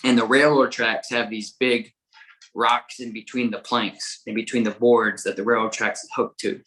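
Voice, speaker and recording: On a dog-training podcast, a male guest with a bright, forceful, medium-pitched voice tells a story in a casual, animated way. Caught up in it, he swears freely and stumbles over repeated words. The audio is poor.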